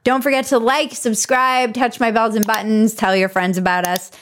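Woman host, irreverent comedy commentary, fairly high voice, sarcastic. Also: steady tone, moderate pace, fairly bright tone, slight background noise.

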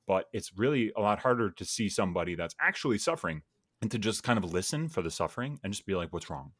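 A man's voice: fairly low pitch, lively intonation, quick pace, a bit bright, no echo, clean studio sound. A man in casual podcast conversation, reflective and earnest, thinking aloud with many fillers. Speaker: podcast guest or host.

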